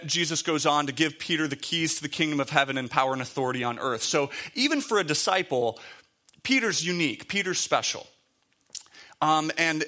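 A man's voice: mid-range voice, pushed and bright. A man giving a conversational sermon, reading scripture aloud and explaining it with frequent fillers. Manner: conversational, with many fillers and restarts. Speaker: preacher.

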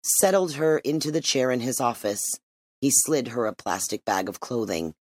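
A man reading a dark short story aloud as narrator, in steady, measured storytelling. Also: mid-range voice, no room sound. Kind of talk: audiobook narration.

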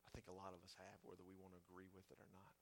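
A man preaching a sermon in a church, talking to the congregation in a conversational way that swings from loud emphasis to hushed tones. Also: low-pitched, monotone, very fast, a little hiss or hum. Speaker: pastor.

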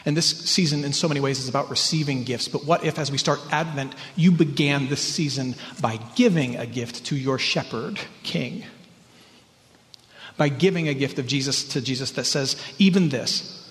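A man preaching a sermon as pastor, earnest and emphatic, sometimes rising in pitch and sometimes dropping to a hush. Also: moderate pace. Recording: church hall reverb.

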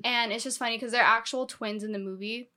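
A woman's voice: fairly high pitch, fairly even intonation, a little fast, pushed and bright. A young woman chatting casually with friends, retelling a movie plot in a giggly, storytelling way. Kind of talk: casual chat.

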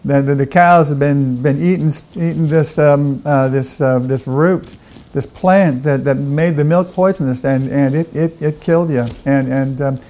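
A man playing a folksy Abraham Lincoln with a Southern backwoods drawl, talking haltingly with many fillers and restarts as a podcast guest. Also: a little high, fairly even intonation, warm tone, roomy sound, low-quality recording. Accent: Southern American.

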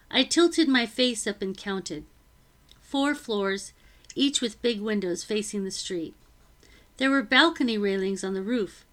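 Bright-voiced woman reading a novel. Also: mid-range voice. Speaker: narrator. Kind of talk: audiobook narration of a novel.

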